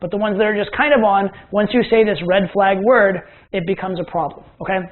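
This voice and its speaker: A man's voice: high voice, fairly even intonation, a little fast. A man teaching a recorded course lecture as a dating coach, chatty and often checking in with "right?" and "okay?". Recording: tinny phone-like lo-fi sound.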